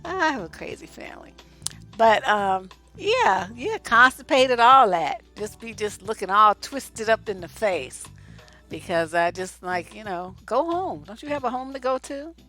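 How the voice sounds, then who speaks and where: A middle-aged woman from Oakland, a relationship coach and host, giving blunt, animated advice to her viewers and laughing often. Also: on the high side, measured pace, soft background music. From Oakland, California. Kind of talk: casual advice talk to viewers.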